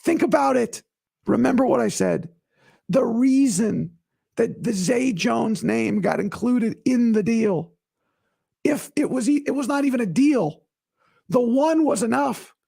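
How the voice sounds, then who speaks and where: A man's voice: very high-pitched, a little slow. A man hosting his own podcast in casual solo talk, his voice strained while it recovers, emphatic and repetitive when worked up. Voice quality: raspy, gravelly. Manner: animated, emphatic, repeats himself. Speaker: podcast host.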